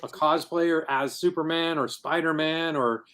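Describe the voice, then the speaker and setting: This man's voice sits a little high, with a sharp tone, fairly even intonation and an unhurried pace. In a relaxed podcast interview, he's the guest, describing earnestly and at rambling length how he started a comic convention.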